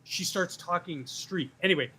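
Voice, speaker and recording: A man chatting casually on a panel show, rambling and animated, with frequent swearing. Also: high-pitched, normal speed, breathy edge.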